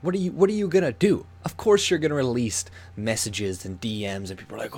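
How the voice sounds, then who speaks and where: A man's voice: fairly high pitch, sing-song, a little fast, hardly any pauses, darkish tone, slightly rough. A man from Canada ranting to camera as a YouTube commentator, swearing often and mocking others in put-on voices.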